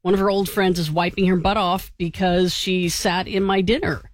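A woman's voice: on the low side, fairly even intonation, moderate pace. A woman co-hosting a morning radio show, telling a story in casual, giggly banter. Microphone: studio mic.

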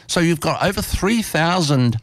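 A man's voice: fairly high pitch, expressive, normal speed, no echo. A man with an Australian accent hosting a community radio interview in an enthusiastic, chatty way.

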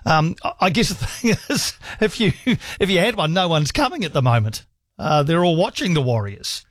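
A man's voice: fairly high pitch, very animated, normal speed, no echo, clean studio sound. A man hosting a sports radio call-in show, enthusiastic, laughing often and reeling off stats. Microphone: studio microphone.

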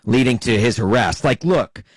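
A man's voice: medium pitch, animated, moderate pace, breathy edge, dry recording. A man in casual talk, making his points in emphatic, joking rants. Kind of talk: casual chat.

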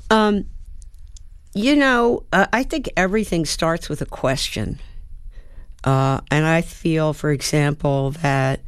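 A woman's voice: low voice, smooth, no room sound, studio quality. A woman in her seventies from the United States, a guest actor and playwright, answering reflectively and animatedly, with many fillers and sounded-out rhythms. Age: 70s. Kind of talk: reflective interview talk.

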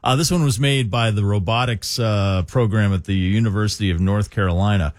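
A man's voice: lowish voice, fairly quick, no echo. A man hosting a morning radio show, chatting casually with many hesitations and fillers. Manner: hesitant, lots of uh fillers, chuckling.

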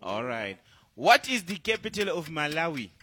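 A man's voice: on the high side, sing-song, normal speed, pushed and bright, faint music behind. A South African man hosting a morning radio show, upbeat and playful as he banters and runs a quiz. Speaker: radio host. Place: radio studio.

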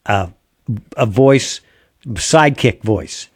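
A man's voice: mid-range voice, animated, no room sound. Radio guy rambling and restarting, dry close mic. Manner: rambling, halting, lots of restarts. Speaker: radio host. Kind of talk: casual radio banter.

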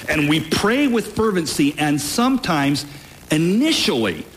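A man preaching a sermon with emphatic, deliberate delivery, lifting his voice on key phrases. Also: fairly high pitch, big pitch swings, background noise. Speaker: pastor.

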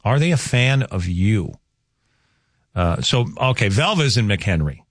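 A man's voice: on the low side, very animated, unhurried, no echo. A man hosting a local radio morning show, chatting casually and joking with a guest and taking listener texts from a studio. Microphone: studio mic.

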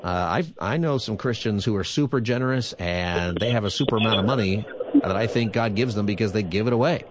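A man with a lowish voice hosts a call-in radio show as a pastor. He talks in an easygoing, conversational way, reading out the phone number again and again. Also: a little fast, noisy background.

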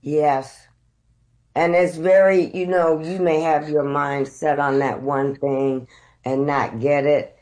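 Slow-spoken reflective actress. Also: female voice, low voice. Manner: unhurried, reflective, animated when retelling. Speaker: actress guest. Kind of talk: candid conversational storytelling.

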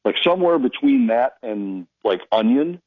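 A man's voice: medium pitch, normal speed, no echo, narrow, tinny audio. Man telling broadcast stories on radio. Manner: storytelling, animated when quoting people. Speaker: hockey play-by-play broadcaster. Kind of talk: casual radio chat.

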